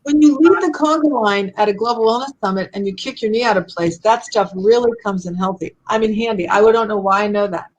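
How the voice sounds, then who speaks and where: A woman guest on a webinar, telling stories in a bubbly, animated way over a video call. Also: medium pitch, a little fast, hardly any pauses, poor audio. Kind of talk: casual storytelling chat.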